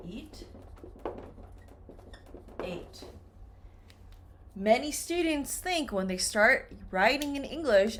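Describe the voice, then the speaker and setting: A woman teaching an English pronunciation lesson, speaking slowly and modeling example words carefully. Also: a little high, a bit bright, a little hiss or hum. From United States.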